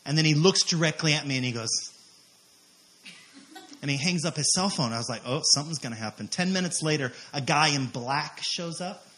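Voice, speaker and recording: A man, a missionary preacher, telling a testimony story in an animated way, acting out quotes with many fillers. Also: a little high, normal speed, slight background noise.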